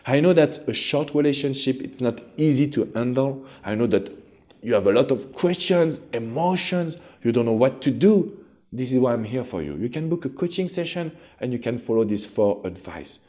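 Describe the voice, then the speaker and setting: A man's voice: medium pitch, animated, moderate pace, mellow. A man with a French accent giving relationship advice directly to his viewers as a coach, in an earnest and encouraging way.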